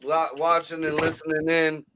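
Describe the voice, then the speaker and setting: Excitable, swearing male co-host. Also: on the high side, normal speed, slight background noise, poor audio. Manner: profane, excitable, conspiratorial. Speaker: podcast co-host. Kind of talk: casual livestream chat.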